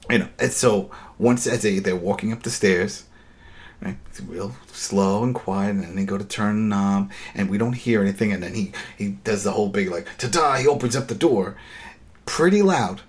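A man with a fairly low voice hosts a casual episode recap. He rants in an animated, exasperated way, swearing freely and briefly acting out moments from the scenes. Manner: acts out character lines in quick impressions.

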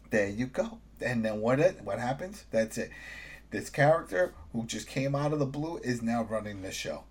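Husky-voiced man recapping with exasperation. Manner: animated, rising high when exasperated, voices characters in quotes. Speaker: podcast co-host. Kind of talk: casual chat recapping a TV episode.

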